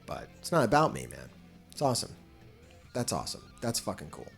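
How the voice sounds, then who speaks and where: A man chats loosely on a live stream, with a lively voice that climbs and drops. He swears freely and laughs often. Soft music plays faintly underneath. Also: on the low side, brisk, gravelly. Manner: profane, rambling, laughs often. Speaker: livestream host. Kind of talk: casual live-stream chat.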